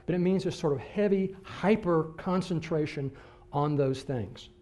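With a voice that's a little high and a pace that's a little slow, a male pastor preaches, telling a personal story that veers from excited outbursts to hushed moments.

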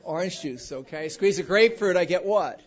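A pastor preaching a sermon in a church, animated and quizzing the congregation with call-and-response questions. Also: male voice, sits high, normal speed. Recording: dull lo-fi recording.

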